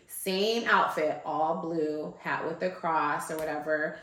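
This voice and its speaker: Woman, low voice, casual storyteller, chatty and rambling, roomy echo. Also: steady tone, a little slow, hardly any pauses, sharp tone. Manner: loose and chatty, full of "like" and "um". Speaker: guest. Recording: echoey room.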